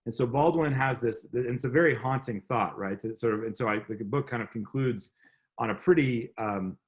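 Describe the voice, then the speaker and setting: A man's voice: mid-range voice, moderate pace. A man, an author speaking earnestly over a video call, often adding "right?" and restarting his sentences. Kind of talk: lecture then conversation on video call.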